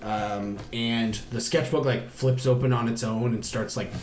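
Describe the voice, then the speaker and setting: A man's voice: mid-range voice, steady tone, unhurried, darkish tone, roomy sound, slight background noise. A man hosting a podcast, casually recapping a movie in a rambling, profane way. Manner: rambling, profane, acts out characters' lines. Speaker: podcast host. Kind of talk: casual chat recapping a film.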